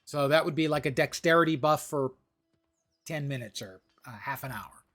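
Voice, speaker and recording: A man's voice: fairly high pitch, normal speed, a bit bright, faint music behind. A man streaming a video game live, chatting casually and joking at his own expense. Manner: self-deprecating, joking.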